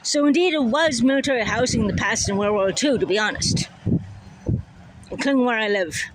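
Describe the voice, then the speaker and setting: A slightly hoarse live-stream vlogger, freshly woken, chatting casually and repeating words while walking a city street outdoors, filmed on a handheld phone. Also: mid-range voice, fairly quick, slight background noise, poor audio. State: a bit hoarse, just woke up. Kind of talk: casual walking livestream chat.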